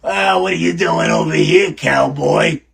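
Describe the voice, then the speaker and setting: A pushy, oversharing diner waitress with a thick Long Island accent, as a man puts her on. Her voice is deeply gravelly and husky, chatty and flirty with customers in a comedy sketch reel. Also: expressive, a little slow, a bit bright, full character voice.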